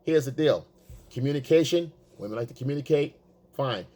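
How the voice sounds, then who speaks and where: A man's voice: medium pitch, fairly quick, warm tone. A man talking as a dating coach, casual and profane, repeating himself for emphasis. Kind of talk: casual coaching talk to the camera.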